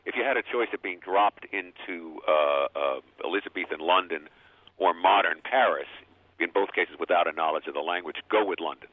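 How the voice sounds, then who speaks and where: Deep-voiced male linguist guest, stammering restarts, thin phone-line sound, dry. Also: dry recording. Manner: halting, repeats words often. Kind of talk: radio call-in conversation.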